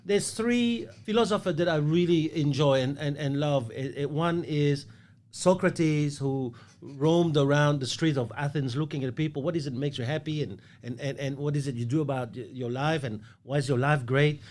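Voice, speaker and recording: A man hosts a casual podcast chat and muses on ethics and the soul, emphatic and swearing freely. His voice sits a little high for a man. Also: normal speed, darkish tone. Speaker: podcast host.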